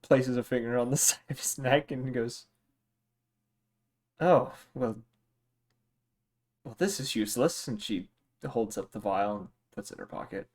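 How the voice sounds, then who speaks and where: A game master narrating a tabletop game at an unhurried pace, amused and laughing often. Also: mid-range voice, darkish tone. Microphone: home mic on a stream.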